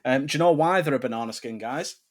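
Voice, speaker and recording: On a relaxed football podcast, a young male co-host talks quickly at medium pitch, keeping the banter animated. Provoke him and he swears and rants at full volume.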